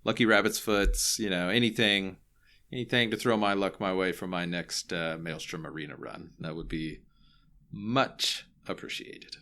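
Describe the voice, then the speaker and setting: A man's voice: deep voice, fairly even intonation, moderate pace, sharp tone. A man co-hosting a casual gaming podcast, reacting playfully and talking straight to listeners. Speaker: podcast co-host.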